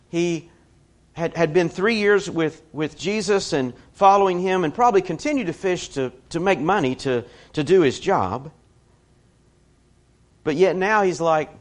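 A man preaching a sermon in a conversational way, telling stories with personal asides. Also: fairly high pitch.

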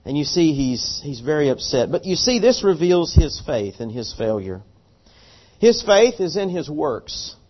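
Guy preaching in church, kinda high voice, lively and earnest, dull lo-fi recording. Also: unhurried. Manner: earnest, animated storytelling with repeated restarts. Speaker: pastor. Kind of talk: sermon.

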